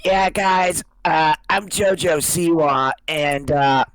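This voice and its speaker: A man's voice: on the high side, takes it slowly, fairly bright tone, clean tone, dry recording, pitched above the performer's own voice. A man doing a mocking impression of a ditzy young female pop star who lies breezily.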